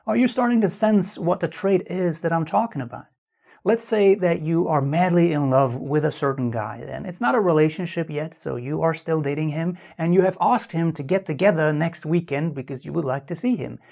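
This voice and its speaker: A man's voice: a little high, a little mellow. Man, dating-advice host, earnest, conversational, rhetorical questions, talking to camera. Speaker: dating author and video host. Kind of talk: direct-to-camera advice talk.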